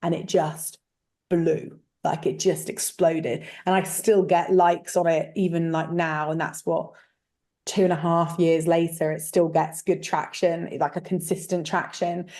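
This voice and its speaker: Chatty, frank woman with a lowish voice. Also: little pitch movement, measured pace, mellow. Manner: chatty, frank storytelling with many fillers. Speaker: guest, letting agent. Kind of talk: casual interview chat.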